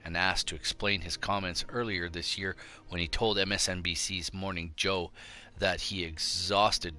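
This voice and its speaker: A middle-aged man hosts his own show and delivers a combative monologue straight into the mic. His voice sits very low, with a hard, sharp, tense edge. He lectures bluntly and preaches at his listeners. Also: steady tone, moderate pace. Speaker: show host. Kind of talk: ranting opinion monologue.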